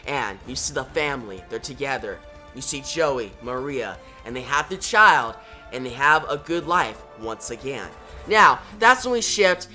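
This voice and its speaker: A man's voice: medium pitch, pushed and bright. A man casually retelling a comic book story in the present tense and reading every line of dialogue himself. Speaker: comic book recap narrator.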